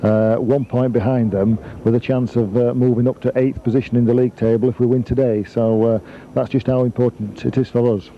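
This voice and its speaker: A man, a club official, giving a measured, earnest view of the game with many pauses. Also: medium pitch, little pitch movement. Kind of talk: casual interview. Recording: muffled lo-fi recording with faint noise.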